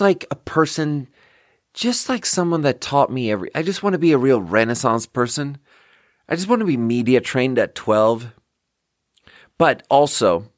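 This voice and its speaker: Recorded at studio quality with no echo, a podcast host in his thirties speaks in a mid-range voice. He rants casually and comically, mocking himself, swearing often and skipping between ideas.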